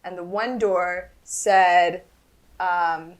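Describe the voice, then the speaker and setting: A woman's voice: fairly low pitch, fairly even intonation, very slow. A woman co-hosting an improvised comedy podcast, telling a story in a playful, giggly way. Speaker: podcast co-host.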